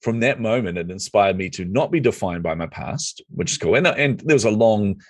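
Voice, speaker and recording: A middle-aged New man tells his story quickly in a low voice, playing out the dialogue as he goes. His voice sits close and dry on the mic, with no room sound. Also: no room sound. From New Zealand. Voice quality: lively storyteller who acts out quoted dialogue. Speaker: podcast guest. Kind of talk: casual storytelling interview.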